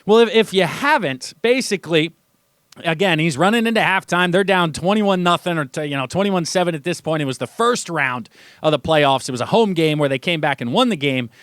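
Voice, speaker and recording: A young man runs a sports radio monologue in a high, lively voice, poking fun at what he reports. He talks casually in a radio studio, and his voice sounds close and dry. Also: fairly quick, no room sound. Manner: animated, mocking, acts out quotes in a high voice.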